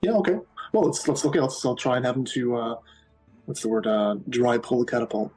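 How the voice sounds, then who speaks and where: A man's voice: medium pitch, expressive, brisk, a little mellow, faint music behind, poor audio. A man playing in a tabletop role-playing game, talking casually and thinking aloud as he plans his moves. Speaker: player.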